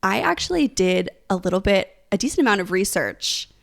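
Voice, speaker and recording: A woman's voice: mid-range voice, expressive, fairly quick, gravelly. A young woman co-hosting a casual podcast, bubbly and rambling, laughing often as she talks. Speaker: podcast co-host.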